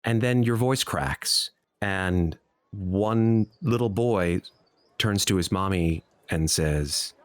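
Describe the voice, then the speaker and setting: A man narrating a tabletop game as dungeon master, telling the scene in an expressive, descriptive way. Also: deep voice, slow pace, dry recording.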